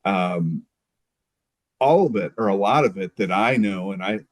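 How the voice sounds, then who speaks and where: A man who is a guest on a podcast, talking thoughtfully with frequent pauses and restarts. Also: on the low side, expressive. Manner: thoughtful, hesitant, many fillers and restarts. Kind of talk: casual conversation.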